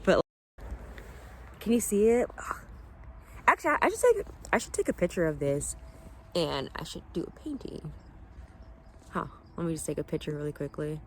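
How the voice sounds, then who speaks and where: Rambly excited woman vlogging on her phone outside by the water, kinda lowish voice, keeps saying sorry. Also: a little hiss or hum. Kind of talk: casual rambling storytelling. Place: outdoors by water at sunset. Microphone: phone held above the water.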